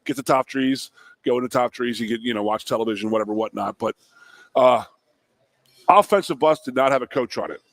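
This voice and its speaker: A man's voice: mid-range voice, brisk, no echo. A middle-aged man co-hosting casual sports radio, telling stories with lots of fillers and repeated words. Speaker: co-host, former offensive lineman. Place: radio broadcast from a restaurant.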